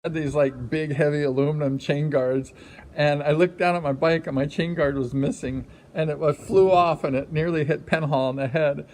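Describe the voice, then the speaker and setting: A former speedway rider in his sixties, casually telling a story from his racing days, animated and full of fillers. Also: on the high side, moderate pace. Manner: animated, acts out quotes, many fillers. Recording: music under the voice. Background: background music.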